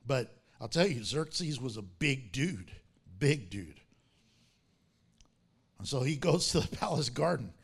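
A man preaching a sermon, telling the story in an animated way, acting out its characters, and laughing often. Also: medium pitch, slow, creaky, long pauses, breathy edge.

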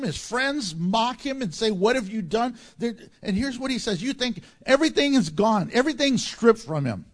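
A pastor with a high-pitched voice preaches a sermon, swinging between loud, emphatic lines and hushed ones.

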